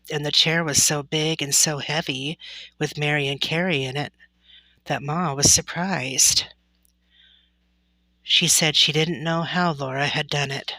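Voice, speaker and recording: A woman reading a chapter book aloud, slow and even. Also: deep voice, dry recording. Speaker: storybook reader. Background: faint music.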